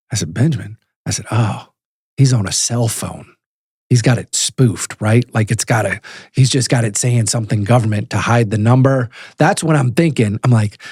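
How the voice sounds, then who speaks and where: A middle-aged man with a husky voice speaks in an interview and tells his story with lively energy. He acts out the people in it, and the sound is dry and close. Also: mid-range voice, dry recording. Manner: animated storyteller who acts out phone calls. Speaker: guest, prisoner advocate.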